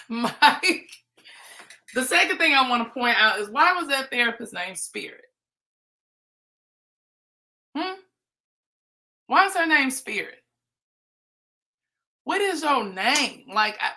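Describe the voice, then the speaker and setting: Bright-voiced woman chatting playfully. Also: a little high. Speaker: livestream host. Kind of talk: casual reality-TV commentary.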